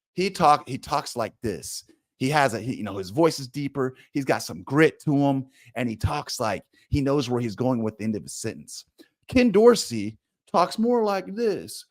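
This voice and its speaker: A man's voice: medium pitch, no echo. A man giving emphatic, opinionated sports commentary straight to his audience, talking bluntly and with plenty of energy.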